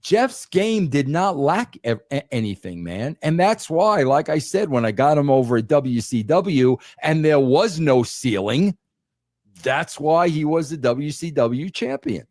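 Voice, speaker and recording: A man's voice: a little high, sing-song, a little slow, darkish tone, dry recording, studio quality. An older man in casual podcast chat, talking emphatically and saying "bro" often with many restarts. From New York. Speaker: podcast guest, former wrestling writer.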